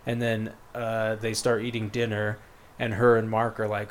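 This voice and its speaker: A man's voice: fairly low pitch, little pitch movement, normal speed, hardly any pauses, a little hiss or hum. A man casually retelling a story in a rambling way, with many fillers and quoted lines. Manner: rambling, laid-back, lots of fillers and quoted voices. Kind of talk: casual chat, retelling a book plot.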